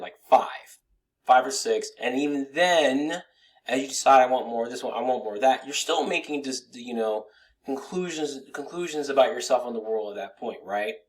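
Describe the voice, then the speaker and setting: A man coaching straight to the viewer in a loose, rambling talk, swearing and restarting his sentences. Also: medium pitch. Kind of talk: casual motivational talk to camera.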